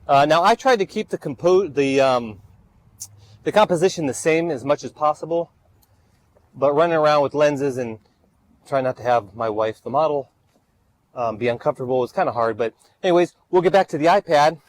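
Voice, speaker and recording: A man's voice: fairly high pitch, animated, normal speed, rough recording. A man photographing a model outdoors, out of breath, counting off shots and giving short directions. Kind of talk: on-location shoot commentary. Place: outdoors by a street.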